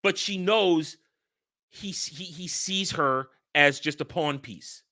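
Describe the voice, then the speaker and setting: A man hosting a casual film discussion, animated and profane, rambling through his points. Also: fairly high pitch, takes it slowly. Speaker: podcast host.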